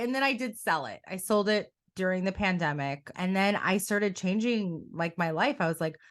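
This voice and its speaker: A middle-aged woman coach in a conversational interview, telling her story in an animated way and often quoting her own past thoughts. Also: lowish voice. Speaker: coach and academy founder.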